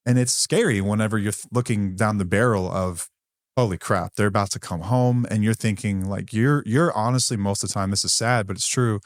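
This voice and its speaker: A man's voice: fairly low pitch, a little fast, few pauses, no room sound, clean studio sound. A man co-hosting a podcast who talks in a candid, blunt, conversational way with some mild swearing. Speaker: podcast co-host.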